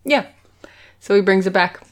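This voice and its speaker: A woman's voice: mid-range voice, normal speed. A woman co-hosting a podcast, animatedly recapping an episode and acting out the characters' lines with giggles. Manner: animated retelling, acts out quotes, giggly. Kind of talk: casual chat.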